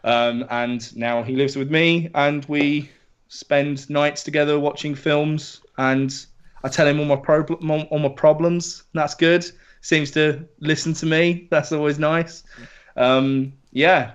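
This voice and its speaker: A young man chatting as a podcast co-host, animated and sweary as he gushes about his dog. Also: a little high, a little slow, clean tone. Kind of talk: casual chat. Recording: dull lo-fi podcast audio.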